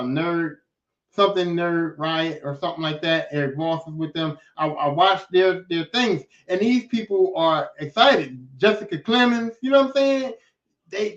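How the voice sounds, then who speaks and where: A man hosting a podcast, ranting in a casual, animated monologue that is full of swearing and repeated phrases. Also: sits high. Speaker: podcast host. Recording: echoey, distant, dull lo-fi.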